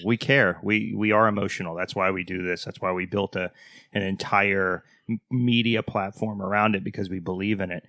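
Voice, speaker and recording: Male co-host, low pitch, dry sound, keen and earnest. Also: fairly even intonation, normal speed, fairly bright tone, no echo. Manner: enthusiastic, earnest. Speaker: podcast co-host. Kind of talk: interview chat.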